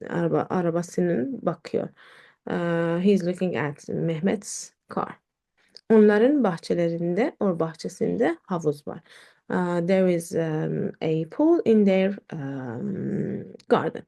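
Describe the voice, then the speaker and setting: Woman teacher, low gravelly voice, unhurried hesitant explaining with fillers. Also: dark tone. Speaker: Turkish teacher. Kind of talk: online language lesson.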